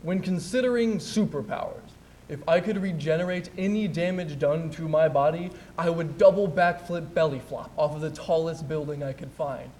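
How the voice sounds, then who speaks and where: A young man, a student, performing an emotional spoken word poem on a theatre stage, building to loud, intense peaks. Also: on the high side, moderate pace, a little hiss or hum, low-quality recording. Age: young adult. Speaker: student speaker.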